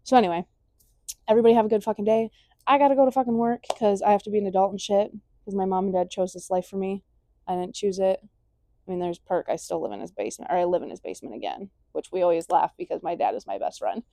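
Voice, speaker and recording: A woman's voice: mid-range voice, quick pace, vocal fry, warm tone, no room sound. A young woman vlogger delivering a blunt, emphatic casual rant, full of swearing.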